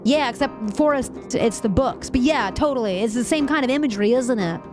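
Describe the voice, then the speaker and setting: A woman's voice: fairly high pitch, a little fast, music in the background. A woman streamer reading news aloud, reacting emotionally and chatting with viewers in a casual live-stream. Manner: emotional, frequently laughing and venting; reads articles aloud with asides.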